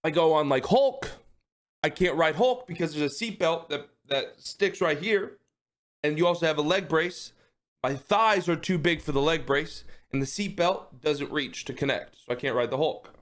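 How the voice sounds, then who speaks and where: A man's voice: on the high side, normal speed. A man livestreaming, telling a long funny story to his chat in a casual, profane way, laughing often and tacking "okay?" onto his sentences. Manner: animated, profane, keeps checking in with "okay?".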